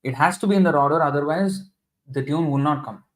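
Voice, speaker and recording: A middle-aged man teaching a scripture class, reading verses and explaining them step by step with many ums and restarts, sometimes chanting lines slowly. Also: on the high side.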